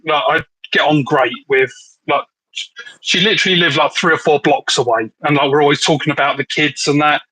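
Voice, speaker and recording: An Englishman on a live chat with a bright, forceful voice pitched a little high. He jokes around and rambles, filling gaps with "like", and the sound is close and dry. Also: no room sound, low-quality recording. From England. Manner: joking, rambling, says "like" often. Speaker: livestream co-host.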